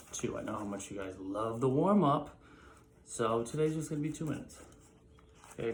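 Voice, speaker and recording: A young adult man teaching an online PE class, talking fast and energetically as he explains a workout, moving around away from his camera mic. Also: medium pitch.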